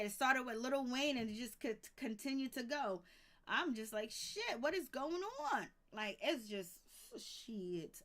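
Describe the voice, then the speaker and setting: A woman's voice: a little high, a bit bright. A woman hosting a late-night livestream in casual, profane chat, greeting viewers by name. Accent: Baltimore. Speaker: livestream host.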